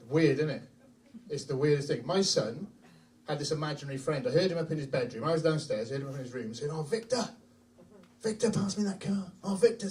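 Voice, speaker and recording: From a distance, a middle-aged man with a voice on the high side does brash, profane, animated storytelling in a comedy club stand-up set. A little hiss or hum runs under the recording.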